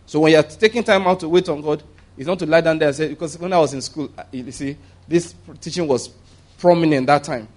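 A man preaching, his voice sitting a little high for a man. He keeps the sermon conversational and humorous, chuckling along. He jumps up sharply in pitch to stress a point. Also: brisk. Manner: animated, jumping up in pitch for emphasis.

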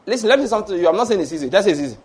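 A Nigerian pastor in full sermon, his voice pitched high for a man. He tells stories and slips into the voices of the people in them. Now and then he bursts into loud, shouted mock prayers. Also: lively intonation, rapid-fire, slightly rough. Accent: Nigerian English.

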